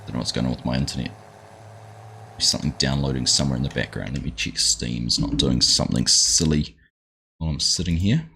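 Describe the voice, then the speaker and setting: This gaming livestream host, a middle-aged Australian, has a rumbling low voice that is bright and forceful, with vocal fry and a brisk delivery. He chats casually, names his viewers, and keeps calling them mate, over a little hiss or hum.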